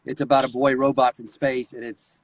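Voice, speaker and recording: A man talking as a guest voice actor in a casual interview, animated and quick to slip into voices. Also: medium pitch, poor audio.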